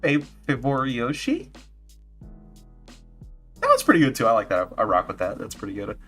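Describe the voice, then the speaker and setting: A man's voice: mid-range voice, wildly swooping pitch, fairly quick, pushed and bright, faint music behind. A man streaming as a vtuber, chatting casually and playfully with his viewers and laughing often. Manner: giggly, playful, reacting to chat. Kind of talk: casual livestream chat.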